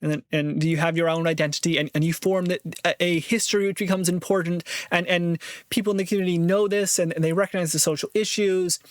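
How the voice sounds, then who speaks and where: Man, casual solo monologue, rambling, restarts often, somewhat high voice, dry close sound. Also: little pitch movement, fast talker, no room sound. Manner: rambling, thinking aloud with frequent restarts; acts out other people's voices in quotes. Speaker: vlogger.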